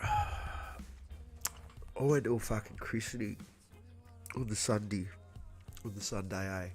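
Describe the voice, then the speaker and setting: A man's voice: on the low side, takes it slowly, soft background music. Laid-back man, swearing. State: coughing after illness. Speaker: livestream host. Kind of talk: casual chat.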